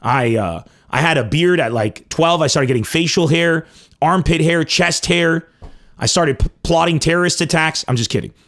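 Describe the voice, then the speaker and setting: A man from Lebanon telling a crude comic story with animated, profane emphasis. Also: fairly high pitch, normal speed. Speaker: comedian host. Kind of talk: comedic storytelling.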